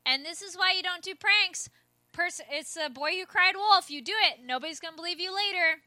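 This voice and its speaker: A woman's voice: very high-pitched, fairly quick, no room sound. A woman giving chatty running commentary while watching a movie, sighing and crying out as she reacts. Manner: animated, chatty running commentary with sighs and cries. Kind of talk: casual movie reaction chat.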